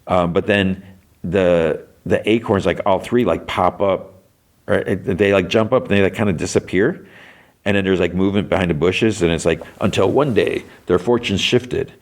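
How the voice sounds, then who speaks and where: Low-voiced man rambling through a recap. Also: fairly even intonation, normal speed. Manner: rambling, many fillers and restarts. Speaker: podcast host. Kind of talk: casual episode recap.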